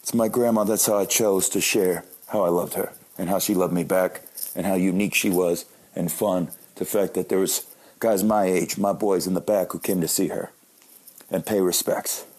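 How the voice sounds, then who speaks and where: A man's voice: low-pitched, fairly even intonation, moderate pace, darkish tone. A man in his late thirties, a comedian, telling joking, self-deprecating stories in a monologue. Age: late 30s. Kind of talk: comic storytelling monologue.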